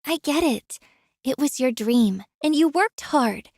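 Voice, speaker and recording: A woman's voice: high-pitched, expressive, a little slow, darkish tone, no room sound, clean studio sound. A young woman voicing a kind florist in a game, friendly and chatty with her customers. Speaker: florist shopkeeper. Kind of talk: game voice acting.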